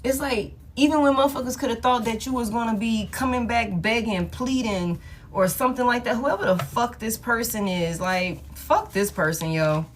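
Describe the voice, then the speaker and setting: A woman's voice: on the high side, normal speed, slight background noise. A woman in her thirties hosting a live tarot stream. She talks casually and profanely, speaks straight to her viewers and laughs often.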